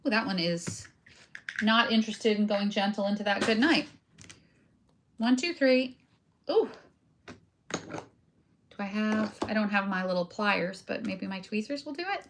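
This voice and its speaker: At a measured pace with frequent pauses, a woman with a medium-pitched voice talks to viewers over slight background noise. She hosts crafting videos, chatting casually and poking fun at herself while working on a project with her hands.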